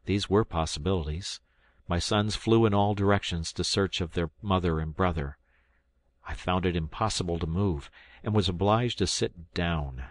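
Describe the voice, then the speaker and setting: Very deep-voiced man narrating an audiobook. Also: no echo. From South Carolina, United States. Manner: measured, steady reading that lifts into dialogue. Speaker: volunteer audiobook reader.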